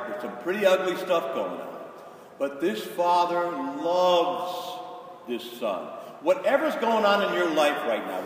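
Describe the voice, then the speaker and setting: Man preaching in a big echoey church, kinda high voice, pleading, heard from back in the room. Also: slight background noise. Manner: emphatic, pleading, acts out quoted voices. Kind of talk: sermon. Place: large church sanctuary. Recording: echoey hall from far off.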